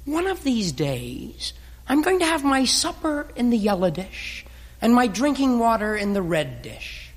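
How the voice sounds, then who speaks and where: A woman's voice: a little high, big pitch swings, measured pace, slightly rough, full character voice. A woman playing a brooding, melodramatic pet dog. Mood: musing. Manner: theatrical, brooding self-pity. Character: dramatic cat-hating pet dog, male. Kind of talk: stage musical acting. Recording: reverberant stage recording.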